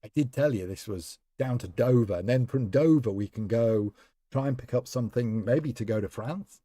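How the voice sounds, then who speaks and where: A man's voice: mid-range voice, moderate pace, dark tone, no echo. A man live-streaming a game, chatting in a rambling way and talking to viewers by name. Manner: rambling, chatty, talks to chat members by name. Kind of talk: casual live-stream chat while playing.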